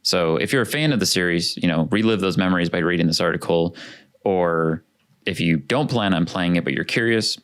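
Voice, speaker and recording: A man's voice: low voice, fairly quick, fairly bright tone. A man co-hosting a casual gaming podcast over a video call, easygoing and enthusiastic. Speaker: podcast co-host.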